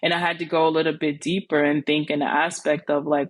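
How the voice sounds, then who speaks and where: A woman's voice: sits low, level tone, fast, hardly any pauses, no echo. A woman hosting a podcast, telling a personal story in a candid, blunt, casual way, swearing freely and acting out what people said. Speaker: podcast host.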